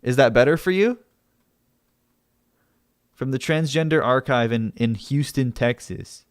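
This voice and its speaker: A man's voice: mid-range voice, animated, a little slow, no echo, clean studio sound. A male livestreamer arguing with his chat, heated and exasperated, swearing as he reads out and answers comments. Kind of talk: live stream chat argument.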